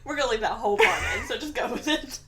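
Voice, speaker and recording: A woman's voice: a little high, lively intonation, quick pace, fairly bright tone. Laughing woman co-host chiming in. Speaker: podcast co-host. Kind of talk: casual chat.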